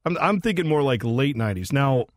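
Man, radio host, casual banter, playful, lively pitch, dry studio sound. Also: no room sound. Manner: jokey, animated, quick to mimic others. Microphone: studio microphone.

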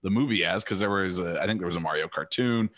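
A man's voice: sits low, quick pace, a bit bright. A man co-hosting a podcast, chatting casually in an opinionated way and drifting into tangents. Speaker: podcast co-host. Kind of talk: casual chat.

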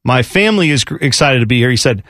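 A man's voice: medium pitch, fast talker, no echo, clean studio sound. A man co-hosting a sports radio talk show, chatting casually and joking around in mock accents. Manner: animated, jokey, throws in mock accents.

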